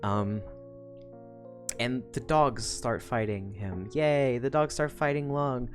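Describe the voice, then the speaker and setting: A woman's voice: a bass voice, takes it slowly, faint music behind. A woman streamer casually recapping a story, swearing a lot and laughing often. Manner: profane, animated, laughs often.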